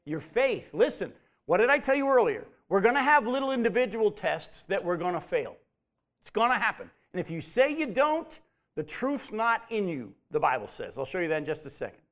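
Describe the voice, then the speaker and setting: Emphatic high-voiced man teaching Bible study. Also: sing-song, moderate pace, fairly bright tone. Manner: emphatic, repeats key points, asks the group questions.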